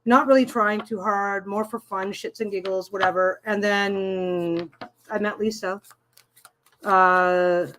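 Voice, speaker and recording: A woman's voice: medium pitch, fairly bright tone, a little hiss or hum. A middle-aged woman hosting a live stream as a tarot reader, chatting casually and rambling, often restarting her sentences and reading viewer comments aloud. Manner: reads viewer comments aloud and answers them.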